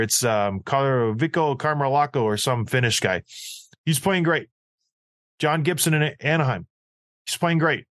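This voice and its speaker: A man's voice: medium pitch, fairly bright tone, no echo. Blunt man co-hosting, dry sound. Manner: blunt, emphatic, mocking. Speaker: podcast co-host. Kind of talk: casual chat.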